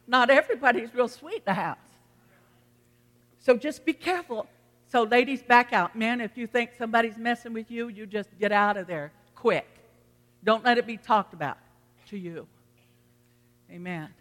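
Bright-voiced pastor preaching in a hall. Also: mid-range voice, moderate pace, pauses often. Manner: storytelling preacher, folksy and earnest. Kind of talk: sermon. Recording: long reverb of a hall.

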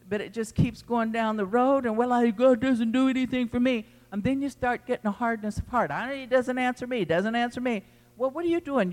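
A man preaching a sermon to his congregation, emphatic and repeating his phrases as he addresses the church. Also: very high voice. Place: church sanctuary. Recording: long hall reverb in a church.

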